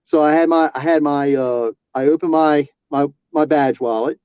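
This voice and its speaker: A man, an auxiliary police officer, telling a personal story in casual talk, halting with restarts and fillers. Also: fairly high pitch, steady tone, clean tone, no echo. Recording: dull lo-fi sound.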